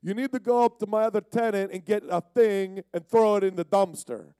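Man voicing Italian boss, Mario-like accent, raised pitch, dry close sound. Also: fairly quick, dark tone, clear, resonant tone, no echo, natural voice. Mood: jolly, demanding. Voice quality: cartoonish, Mario-like. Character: jolly Italian immigrant male shop boss.

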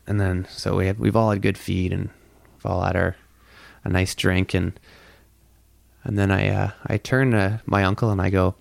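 Casual male storyteller, low gravelly voice, filler-heavy and profane, dry close-miked sound. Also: little pitch movement, normal speed, pauses often, dry recording. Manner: rambling, heavy on "like" fillers, swears freely. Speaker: podcast guest telling a story.

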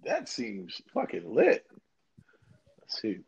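A young man co-hosting a podcast, reacting loudly and swearing a lot. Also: on the low side, wildly swooping pitch, slow pace, vocal fry, husky, dull audio. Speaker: podcast co-host. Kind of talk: casual chat.

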